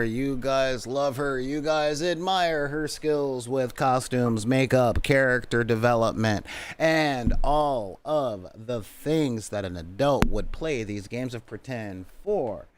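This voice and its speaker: A man's voice: mid-range voice, takes it slowly, clear, resonant tone. A sleep-deprived man hosting and running a tabletop role-playing stream, joking and rambling and often tripping over his words. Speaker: host and game master. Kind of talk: casual streamed tabletop game intro.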